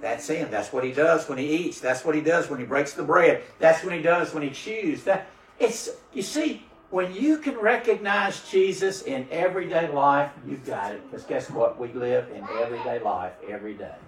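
A man's voice: a little high, animated, normal speed, slight background noise. Man preaching in an echoey church. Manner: call-and-response preaching with rising, fervent prayer passages. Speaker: pastor. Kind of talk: sermon. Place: church sanctuary. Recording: roomy church sound from a distant mic.

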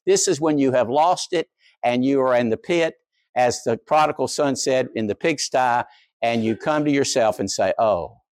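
A pastor delivers his sermon in a fairly high voice. He swings between quiet, wry asides and raised, animated exclamations. The sound is dry and close, with no room echo.

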